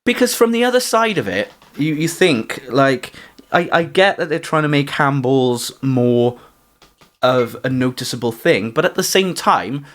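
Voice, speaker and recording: A man's voice: mid-range voice, expressive, a little slow, fairly bright tone. A young man co-hosting a podcast, talking casually about football in a rambling way full of fillers. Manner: rambling, filler-heavy, "like" often. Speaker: podcast co-host.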